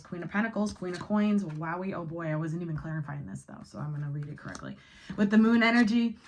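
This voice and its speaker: Woman tarot reader, lowish voice, casual and emphatic, spiritual channel host. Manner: casual, emphatic, swears, switches into quoted inner voices.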